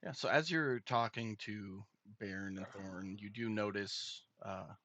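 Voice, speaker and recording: Deep-voiced male game master. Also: unhurried, sharp tone. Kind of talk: narrating a tabletop game.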